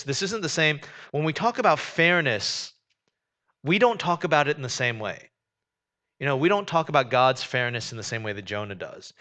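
A man preaching a sermon, conversational and animated, with joking asides. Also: medium pitch, a little fast. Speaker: pastor.

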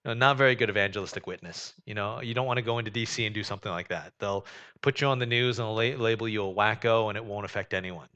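A man preaching a sermon, conversational and animated, with joking asides. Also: on the low side, quick pace, dull audio. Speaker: pastor.

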